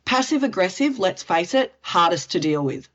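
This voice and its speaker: A woman's voice: lowish voice, normal speed, muffled recording. Woman giving direct communication advice. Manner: direct, expressive, acts out example lines. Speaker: communications specialist. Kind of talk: interview answers, expert advice.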